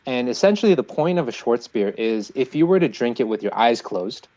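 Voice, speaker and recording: A man, a guest brewer on a podcast, telling an animated story in casual chat with many fillers. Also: mid-range voice, brisk, lo-fi sound.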